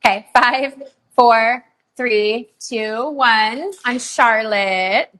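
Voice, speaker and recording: Bright, bubbly woman hosting a live sale. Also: a little high. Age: middle-aged. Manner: bubbly, chatty, gushing with fast countdowns. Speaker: live shopping host. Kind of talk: live online sales show.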